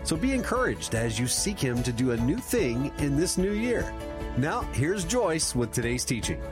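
A man's voice: on the high side, sing-song, normal speed. A male announcer giving an upbeat, encouraging scripted introduction to a teaching program. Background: instrumental music.

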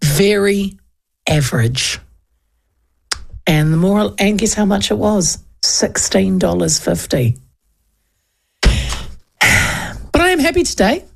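A New Zealand woman hosting a radio show, chatting and telling animated stories and acting out other people's voices. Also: medium pitch, takes it slowly, creaky, pauses often. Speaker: radio host. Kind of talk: chatty storytelling.

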